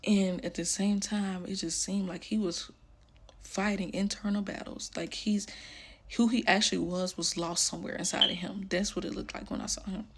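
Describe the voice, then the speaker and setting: A young woman telling a personal story casually, full of "like", often dropping into a hushed voice. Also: mid-range voice, fairly even intonation, moderate pace, a little hiss or hum. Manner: casual, fillers like "like", drops to hushed tones.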